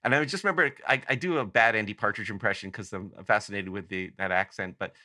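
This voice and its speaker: A man's voice: on the low side, quick pace, pushed and bright, no room sound, clean studio sound. A man from Canada telling a long, rambling story as a podcast guest, often breaking off and restarting his sentences. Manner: rambling, self-interrupting storyteller. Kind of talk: casual anecdote telling.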